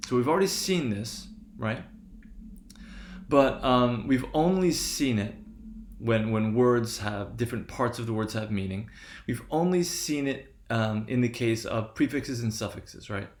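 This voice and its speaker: A man's voice: mid-range voice, measured pace, echoey room. A man giving a lecture, explaining step by step and often checking in with "right?". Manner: frequent "right?" checks, restarts. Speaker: linguistics lecturer.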